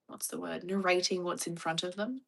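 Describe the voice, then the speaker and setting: A woman's voice: fairly low pitch, fairly even intonation, a little fast, vocal fry. A young Australian woman chatting casually on a livestream with a wry, chatty manner. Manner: chatty, wry, mock-dramatic impressions.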